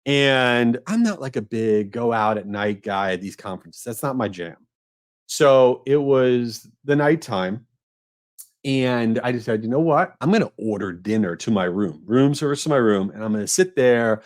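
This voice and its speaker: A middle-aged man hosting a podcast, telling an embarrassing story in a casual, animated, self-mocking way. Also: normal speed. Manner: animated, self-mocking, rising to a high squeal at punchlines. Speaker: podcast host.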